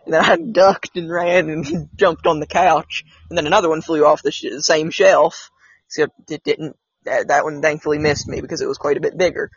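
A man's voice: fairly high pitch, fairly even intonation, moderate pace, husky, dry recording. A man hosting a casual podcast, telling his own experiences in a rambling, hesitant way with many restarts. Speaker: podcast host. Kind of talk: casual storytelling chat. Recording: slightly dull, dry sound.

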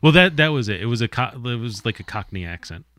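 A man's voice: medium pitch, expressive, fast, pushed and bright, no echo. A man co-hosting a podcast, reviewing a movie casually with frequent stammered restarts.

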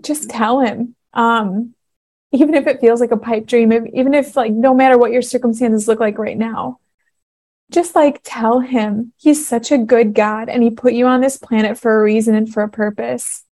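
A woman's voice: fairly high pitch, steady tone, normal speed, a little mellow. Woman, 30s, solo podcast host. Earnest, emotional, casual storytelling. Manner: emotional, earnest, laughing through tears. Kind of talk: casual faith podcast monologue.

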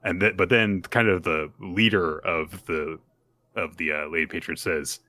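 A podcast host recapping comics in casual chat, telling the story in an animated way and acting out the characters. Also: male voice, low voice, a little slow, no room sound.

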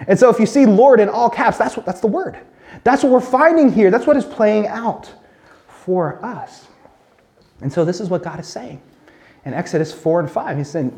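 High-voiced man preaching a sermon. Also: lively intonation, mellow. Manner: earnest, emphatic, slows and drops low when quoting God. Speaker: pastor.

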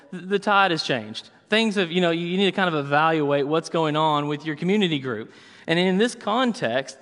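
Pastor with a long hall echo. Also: male voice, a little high, fairly bright tone. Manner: storytelling, casual asides with many fillers. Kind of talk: sermon.

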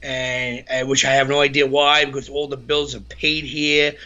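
A man's voice: medium pitch, flat delivery, normal speed, pushed and bright, lo-fi sound. A man co-hosting a podcast, rambling loosely with lots of swearing. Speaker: podcast co-host. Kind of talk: casual podcast chat.

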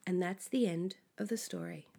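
A woman reading a children's story aloud, slowly and expressively, dropping to a hush at times. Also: fairly low pitch, creaky, heavy background noise. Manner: slow, expressive, sometimes hushed.

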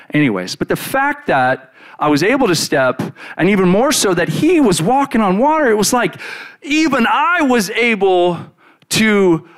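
A man with a high-pitched voice preaches by retelling a Bible story in the first person. He is animated and casual, with many fillers.

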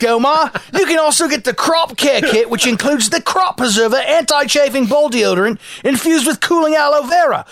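A man hamming up a booming Aussie ad announcer. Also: a bit bright, dry recording, clean studio sound, exaggerated voice. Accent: put-on Australian. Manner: exaggerated, hammy delivery. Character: over-the-top Australian male ad announcer. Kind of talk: joke ad read.

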